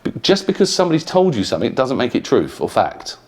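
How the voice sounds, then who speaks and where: Middle-aged business owner from the UK giving a campus talk. Frank and conversational, keeps checking in with the room, mid-range voice. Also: male voice, medium pitch, wildly swooping pitch, quick pace, a little mellow, slightly rough. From United Kingdom. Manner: conversational, frank, with frequent "yeah?" check-ins. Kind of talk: lecture to students. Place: university lecture room.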